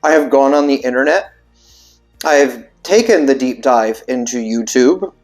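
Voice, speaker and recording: Rambling vocal coach, faint music behind. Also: male voice, mid-range voice, expressive, normal speed. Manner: rambling, filler-heavy, thinks aloud. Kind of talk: casual explainer video.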